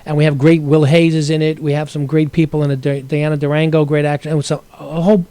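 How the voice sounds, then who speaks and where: A man's voice: a little high, little pitch movement, fast, dark tone, smooth, no echo. A man from Brooklyn appearing as a guest actor, telling rambling stories in a casual interview, with frequent restarts. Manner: rambling storyteller with many restarts.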